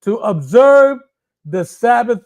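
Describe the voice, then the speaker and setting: High voiced guy reading bible verses real slow and deliberate. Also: very animated, darkish tone. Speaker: scripture reader. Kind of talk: reading scripture aloud.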